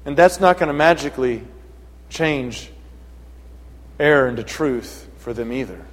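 A man preaching a sermon in an earnest manner that rises to forceful emphasis. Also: mid-range voice, animated, measured pace, big-room sound, poor audio.

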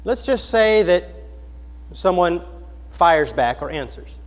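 A male preacher delivering a sermon with a high-pitched voice. He speaks earnestly, asks the congregation questions and repeats phrases for emphasis. His voice carries with a long reverb in a large hall. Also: very animated, slow pace, pauses often. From United States.

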